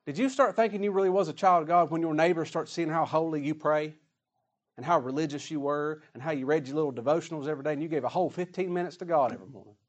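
A man preaching a sermon emphatically, swinging between loud declarations and hushed asides. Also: on the high side, quick pace.

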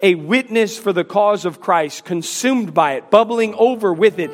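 A man preaching a sermon as pastor, emphatic, acting out scripture scenes in quick dialogue. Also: sits high, long reverb tail.

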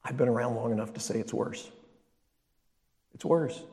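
An older man preaching a sermon as pastor, emphatic, swinging between loud exclamations and quiet asides. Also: medium pitch, moderate pace. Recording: long reverb of a large hall.

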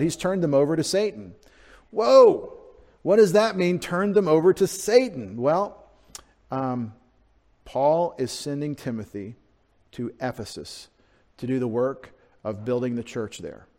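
A male pastor delivers an expository sermon, talking through the text in an easy, conversational way. He lifts his voice sharply for emphasis now and then. The sound carries a long church reverb at a mid pitch. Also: a little mellow. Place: church sanctuary.

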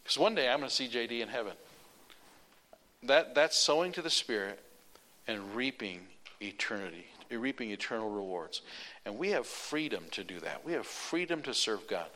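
A male preacher telling a personal story in a sermon, animated, running sentences on with repeated "and". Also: mid-range voice, moderate pace.

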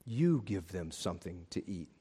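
A male pastor voicing Jesus, dropping into a slow, low, solemn delivery. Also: very animated, warm tone, slightly rough, big-room sound, full character voice. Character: calm, authoritative Jesus speaking gently.

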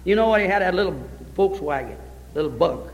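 A male pastor preaching a sermon, telling stories in a folksy, animated way. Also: high-pitched, fairly quick. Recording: reverberant church hall.

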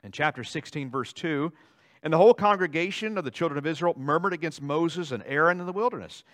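Animated preacher with a fairly high voice. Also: male voice, fast talker. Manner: animated preaching, swings from loud dramatic outbursts to low asides. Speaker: pastor. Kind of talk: sermon. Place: church sanctuary.

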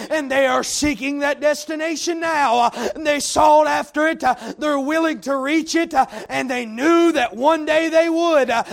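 A male preacher delivering a sermon, full of "uh" fillers and building to shouted points. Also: very high-pitched, gravelly. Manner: heavy "uh" fillers, rising to shouts.

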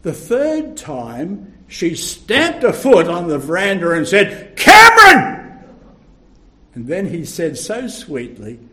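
Slow older man preaching. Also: on the high side, big pitch swings. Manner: slow, emphatic, with loud shouted bursts. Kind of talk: sermon.

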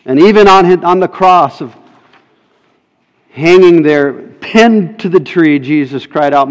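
Slow, emphatic preacher in a reverberant hall. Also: male voice, a little high. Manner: emphatic, rhetorical questions to the congregation. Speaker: pastor. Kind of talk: sermon.

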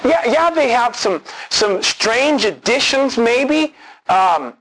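A man's voice: extremely high pitch, sing-song, slow pace, a bit bright, rough recording. A man preaching an expository sermon, earnest and emphatic, repeating key words for stress.

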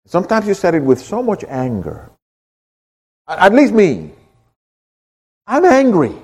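Impassioned male preacher, wide-ranging pitch. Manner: impassioned, swings from hushed to loud. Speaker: pastor. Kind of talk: sermon.

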